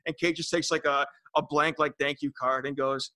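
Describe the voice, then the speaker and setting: A man co-hosting a podcast, teasing and excitable in casual chat. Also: fairly high pitch, normal speed, hardly any pauses. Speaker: podcast co-host.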